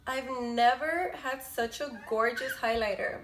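A young woman vlogger, a bit sick, gushing excitedly to viewers as she unboxes a gift at home on her camera mic. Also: a little high, normal speed, slight background noise. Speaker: beauty vlogger. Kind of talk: unboxing first impressions. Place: room at home with a window. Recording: echoey room, faint background music.

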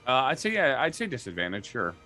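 A man running a tabletop game as game master, relaxed and halting with many restarts. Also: mid-range voice, soft background music.

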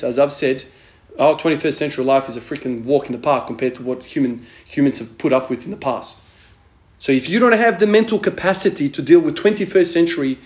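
A man's voice: mid-range voice, darkish tone. A man in his thirties giving a blunt, profane motivational monologue as a strength training vlogger, hammering points home with "man". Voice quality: profane, emphatic, repeats "man". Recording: echoey room.

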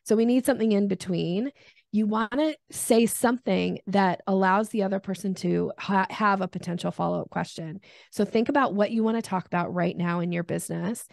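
A middle-aged woman talks sales in a relaxed interview, her voice carrying a slight fry. She animates her points with quick acted-out voices. The sound is close and dry, with no room around it. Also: mid-range voice, no room sound. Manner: animated, acts out voices in examples. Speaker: sales expert guest. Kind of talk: casual interview chat.

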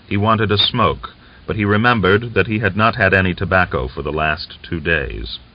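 A man narrating an audiobook novel in a measured, even storytelling delivery, on a dull lo-fi recording. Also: low-pitched. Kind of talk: scripted narration.

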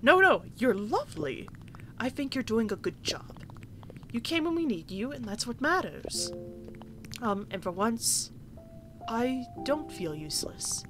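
A woman voicing a small, timid male bug ambassador who speaks softly and kindly, almost whispering at times, while reading game dialogue aloud. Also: fairly high pitch, big pitch swings, measured pace, over music. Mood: reassuring.

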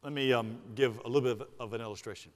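A man with a Southern US accent, a senior pastor preaching a sermon to his congregation. He talks emphatically, slowing down to stress key words and then speeding through asides. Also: medium pitch, fairly even intonation. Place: church sanctuary. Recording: long reverb of a church sanctuary.

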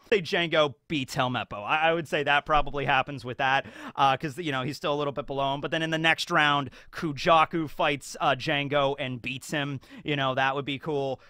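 A man with a fairly high-pitched voice rambles through casual fan commentary as a YouTube commentator. He's animated and leans heavily on fillers, and the recording has no echo.

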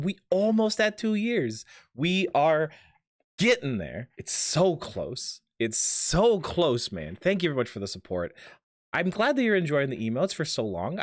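Man, live game streamer: jokey, rambling, very lively pitch. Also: dry recording, studio quality. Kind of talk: live gameplay commentary.

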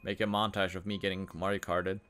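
A man streaming a racing game, reacting out loud with yelps, groans and laughs as he plays. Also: low voice, flat delivery, fairly quick, a little hiss or hum. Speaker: gaming streamer. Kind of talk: live game commentary.

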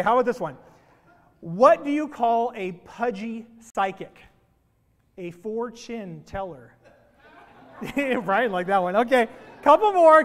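A male pastor with a high voice opens his sermon with jokes, delivering them in a playful, animated way. He's in a church sanctuary, and the recording carries the long reverb of a church hall.

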